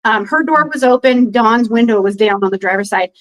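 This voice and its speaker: Woman, podcast guest, casual storytelling, fairly high pitch, rambling with fillers, acts out quoted lines. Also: brisk, poor audio. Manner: animated retelling, acts out others' quoted lines.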